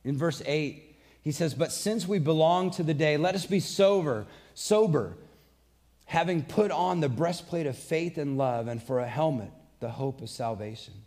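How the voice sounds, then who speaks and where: A man's voice: a little high, normal speed, a little mellow. A man preaching a sermon, earnest and conversational, mixing scripture with personal stories. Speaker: pastor.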